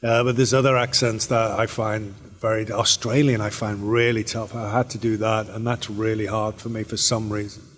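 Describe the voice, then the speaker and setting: A British actor answering fan questions on a convention panel, relaxed and rambling with many fillers and restarts. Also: male voice, fairly low pitch. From Britain. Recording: echoey convention hall.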